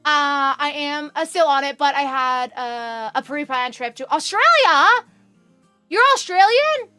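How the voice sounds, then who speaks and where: A Canadian livestreamer in her twenties chats casually with viewers while sewing, rambling, poking fun at herself, and swearing now and then. Her high, sharp voice barely moves in pitch and keeps a measured pace, with faint music in the background.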